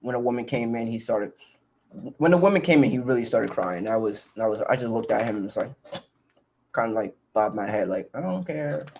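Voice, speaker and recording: A man's voice: lowish voice, brisk, darkish tone, slight background noise. A young man, co-hosting a podcast and telling a rambling, casual story full of fillers. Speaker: podcast co-host.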